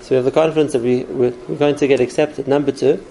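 Man, Torah teacher, earnest explanatory delivery, dark gravelly tone, faint background noise. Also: mid-range voice, fairly even intonation, quick pace, low-quality recording. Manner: earnest, explanatory, uses numbered points. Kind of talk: spoken Torah class.

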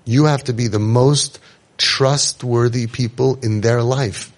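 A man's voice: medium pitch, fairly even intonation, takes it slowly. A man giving an inspirational talk to an audience, telling stories with jokes and acting out the people he quotes. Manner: joking, acts out quoted people. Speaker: inspirational speaker.

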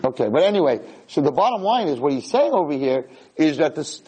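A middle-aged man gives a Torah class in a husky, slightly high voice. He tells the story with great animation, his voice jumping up when he acts out shouts and quotes. He talks fast, often repeating and restarting his words. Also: sing-song, low-quality recording. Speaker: rabbi lecturer. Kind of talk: Torah class to a live room.

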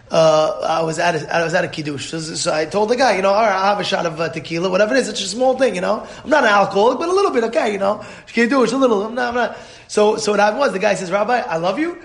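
A man teaching a Torah class as a rabbi, animated and full of rhetorical questions, acting out quotes. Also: high-pitched, fast talker, roomy sound.

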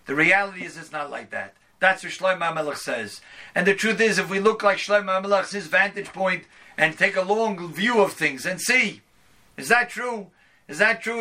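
A man's voice: sits high, bright, forceful tone. A man teaching a Torah class as a rabbi, speaking emphatically. He quotes a verse in the original and then explains it in his own words. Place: online class.

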